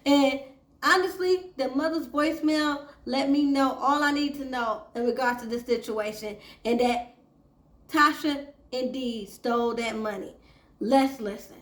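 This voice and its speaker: A high-pitched woman hosts a casual recap of a reality TV episode and talks to her viewers as "y'all". Her voice rings out in an echoey room. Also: unhurried. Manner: chatty, addresses viewers as y'all. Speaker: TV recap host.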